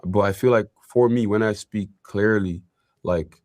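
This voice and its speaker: A man's voice: on the low side, measured pace, darkish tone, dry recording, clean studio sound. A young man from Ireland, talking as an interview guest in a casual, rambling way full of fillers. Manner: rambling, filler-heavy, with frequent likes and you-knows. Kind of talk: casual conversation.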